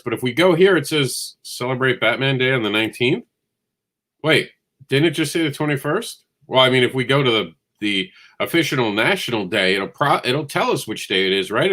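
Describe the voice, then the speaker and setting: A man's voice: on the low side, fairly bright tone. Rambling, enthusiastic man hosting a show. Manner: rambling, enthusiastic and self-deprecating. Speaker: host. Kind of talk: comics news show.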